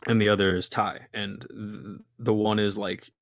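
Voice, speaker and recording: A man's voice: fairly low pitch, little pitch movement, moderate pace, gravelly, no room sound, clean studio sound. A young man, a musician guest, talking casually in a rambling, swearing way with lots of fillers. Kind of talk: casual interview chat.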